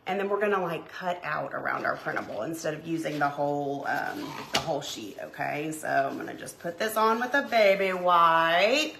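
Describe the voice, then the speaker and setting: A woman's voice: fairly low pitch, creaky. A middle-aged woman, chatting casually to her viewers while she crafts at home and greets them by name. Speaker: craft channel host. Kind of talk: casual crafting livestream chat. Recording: echoey room, faint background noise.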